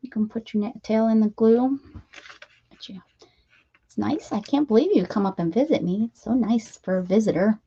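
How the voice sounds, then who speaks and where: A woman's voice: on the high side, normal speed, warm tone, breathy edge, highs cut off. A woman hosting a casual crafting livestream, chatting and talking baby-talk to her cat as she works. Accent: American. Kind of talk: casual chat while crafting.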